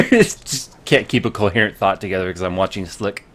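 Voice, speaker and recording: A man's voice: sits low, normal speed, a bit bright. A man hosting a live tech stream, chatting casually in a jokey, rambling way.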